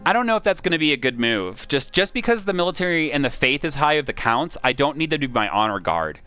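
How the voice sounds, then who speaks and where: An excitable male streamer with a bright, forceful voice, thinking aloud as he plays and reads out the story. He talks casually and swears freely, with faint background music. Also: fairly high pitch, quick pace. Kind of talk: live-streamed game play with narration.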